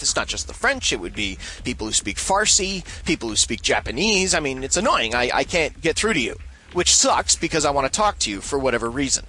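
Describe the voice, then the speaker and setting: A man's voice: fairly high pitch, bright, forceful tone. A man hosting a show, rambling and sarcastic as he comments and reads listener mail, swearing freely and repeating himself. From Canada. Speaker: show host. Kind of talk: casual solo commentary, reading listener mail.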